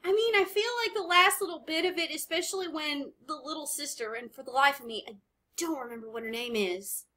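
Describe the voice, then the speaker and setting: A woman hosts an anime reaction video, chatting casually and rambling as she pauses to comment. Her voice sits high and sounds pushed and bright.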